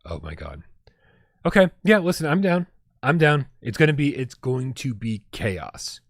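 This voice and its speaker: A man co-hosting a casual livestream chat, talking with excitable energy and swearing freely. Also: mid-range voice, unhurried, no room sound, clean studio sound. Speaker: podcast co-host.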